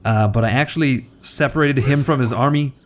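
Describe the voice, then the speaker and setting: A man's voice: medium pitch, brisk. A young man giving casual, rambling game commentary, joking and self-deprecating as the host. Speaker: gaming video host.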